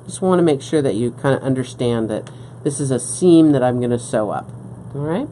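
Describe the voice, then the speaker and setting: Recorded on a live-stream setup at a work table, a beading instructor talks fairly quickly in a rumbling low, dark-toned, animated voice with a little hiss or hum. She guides each step patiently, frequently checking in with "okay?"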